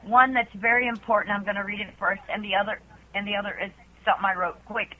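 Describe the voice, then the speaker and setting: A woman's voice: medium pitch, fairly even intonation, fast. Woman caller on a tinny phone line, earnest, reads her poems, chats in between. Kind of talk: poetry reading on a call-in show. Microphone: telephone.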